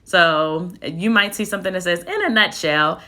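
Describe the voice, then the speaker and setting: A woman's voice: on the low side, moderate pace, pushed and bright. A woman teacher giving a phonics lesson, patiently sounding out and spelling words one syllable at a time. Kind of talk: phonics lesson, slow and deliberate.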